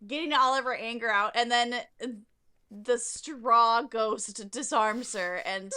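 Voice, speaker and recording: A woman co-hosting a casual book podcast, animated and swearing freely as she recaps chapters and acts out characters' lines. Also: a little high, slow, clean tone. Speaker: podcast co-host.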